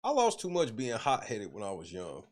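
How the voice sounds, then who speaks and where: On a laid-back podcast, the host launches into a free-wheeling, foul-mouthed rant, breaking into laughter between his points. His pitch swings hugely, climbing and falling as he makes each one, at a normal speed.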